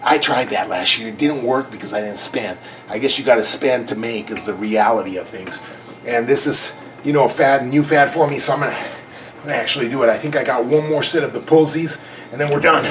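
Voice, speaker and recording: A man's voice: mid-range voice, fairly quick, slight background noise, rough recording. A man vlogging his own workout in a casual, self-mocking way, counting reps aloud and out of breath. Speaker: fitness vlogger.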